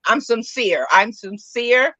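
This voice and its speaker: A woman's voice: on the high side, expressive, slow pace, pushed and bright, dry recording. A middle-aged woman, a guest in a casual interview, talking candidly and laughing at herself. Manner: candid and self-mocking, laughs often.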